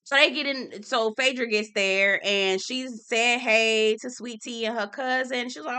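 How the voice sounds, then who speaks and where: A woman's voice: a little high, unhurried, sharp tone, clear, resonant tone. A woman with a Southern US accent giving a sassy, dramatic recap of a reality TV episode, talking straight to her viewers. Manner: sassy, dramatic, laughs often, talks to viewers.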